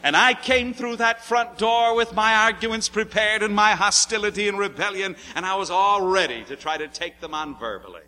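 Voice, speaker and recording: A man preaching a sermon, moving between hushed, low passages and loud, emphatic ones as he tells a story from his youth. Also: moderate pace, hardly any pauses. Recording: echoey hall with long reverb.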